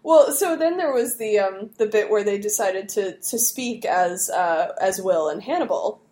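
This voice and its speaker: A woman's voice: medium pitch, animated, unhurried, dark tone. A woman co-hosting a podcast, chatting casually and enthusiastically with frequent giggles. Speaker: podcast co-host. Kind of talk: casual chat.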